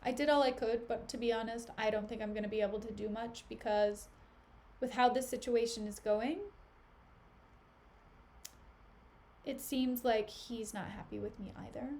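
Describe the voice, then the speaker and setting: A woman's voice: fairly high pitch, fairly even intonation, fairly quick, darkish tone, lightly acted. Desdemona, a woman reading as an earnest young noblewoman. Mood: apologetic.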